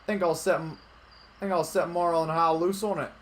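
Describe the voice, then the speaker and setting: A man voicing a folksy male alien tree keeper from a game, in a raised, loud homespun drawl. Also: a little high, steady tone, fairly quick, pitched above the performer's own voice, close to an everyday voice.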